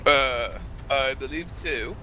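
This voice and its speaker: A man's voice: mid-range voice, slow pace, sharp tone, a little hiss or hum. A man playing in a tabletop game, describing his actions in a hesitant way. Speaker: player. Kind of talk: in-character tabletop roleplay.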